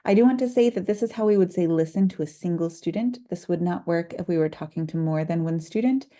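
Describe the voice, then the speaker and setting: Female language teacher, lowish mellow voice, patient and clear, slows to model words. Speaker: Spanish teacher. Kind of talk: instructional video lesson.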